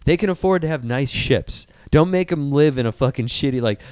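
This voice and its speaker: A man hosting a casual nerdy podcast, talking in an excitable, profane and rambling way. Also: medium pitch, fairly quick, clear, resonant tone, dry recording. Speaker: podcast host.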